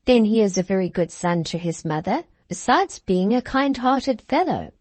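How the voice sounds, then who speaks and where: A woman's voice: mid-range voice, animated, moderate pace, a little mellow, dry recording, close to an everyday voice. A woman reading the lines of a genial older father who teases his daughter fondly, in an indulgent manner. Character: fond, genial older Scots father, gently teasing.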